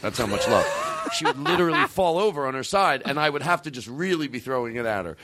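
Rambling, animated man hosting a show. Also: mid-range voice, quick pace, noisy background. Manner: rambling, self-interrupting, swears freely. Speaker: podcast host. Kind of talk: casual chat.

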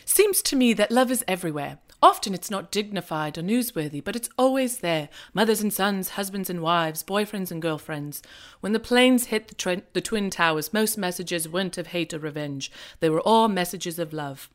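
A woman's voice: lowish voice, animated, moderate pace, close to an everyday voice. A woman putting on a British accent to imitate a male film narrator, reading in an exaggerated, self-mocking way. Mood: mock-solemn. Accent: put-on British.

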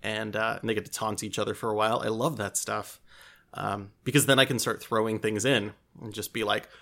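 A man's voice: fairly low pitch, steady tone, brisk, creaky, pushed and bright. A man talking casually as a podcast guest and game designer, self-deprecating and often restarting his sentences with a laugh. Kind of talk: casual interview chat.

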